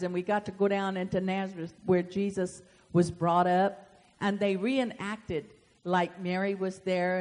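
A woman's voice: fairly low pitch, a little mellow. A woman leading a Bible study sermon, earnest and emotional, reading scripture aloud with feeling in a church hall. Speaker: Bible teacher. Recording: long hall reverb.

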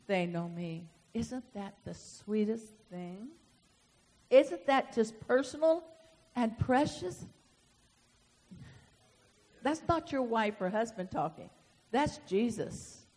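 A woman pastor preaching a sermon, swinging from soft asides to loud emphatic swells. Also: medium pitch, a little slow. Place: church sanctuary. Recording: long hall reverb.

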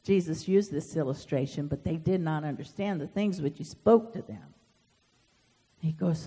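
A woman's voice: lowish voice, normal speed, warm tone. Earnest woman teaching scripture in reverberant hall. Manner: earnest, emotional, reads scripture aloud with feeling. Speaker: Bible teacher. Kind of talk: Bible study sermon.

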